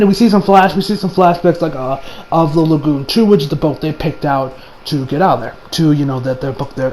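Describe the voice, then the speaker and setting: Man, high voice, casual anime episode recap, rambling, lots of fillers and restarts. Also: a little mellow, slight background noise, rough recording. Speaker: anime reviewer.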